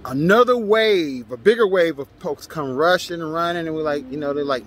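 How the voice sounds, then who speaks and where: A man recounts a tense street scene to his channel. His voice sits a little high for a man and turns lively as he acts out the shouting. The delivery is loose and conversational. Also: fairly quick, a little hiss or hum. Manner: animated, acts out his own shouts and quotes. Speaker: vlogger telling a story. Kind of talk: casual storytelling monologue.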